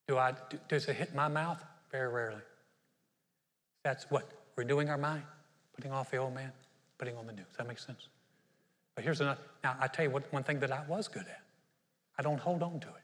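A middle-aged man preaching a sermon as pastor, humorous and animated, telling stories with playful asides. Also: mid-range voice, in a large hall.

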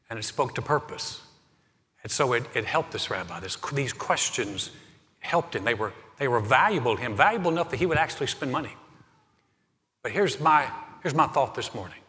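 A middle-aged male pastor delivers a live sermon in a church, his bright voice ringing out with a long hall reverb. He tells stories in a relaxed, conversational manner and often restarts his phrases mid-thought. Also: medium pitch. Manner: storytelling, conversational with repeated restarts. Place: church sanctuary.

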